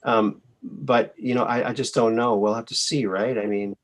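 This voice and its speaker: A man's voice: medium pitch, fairly even intonation, normal speed. Folksy middle-aged man hosting call-ins. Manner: folksy, tells dad jokes. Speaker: call-in show host. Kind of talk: casual call-in chat.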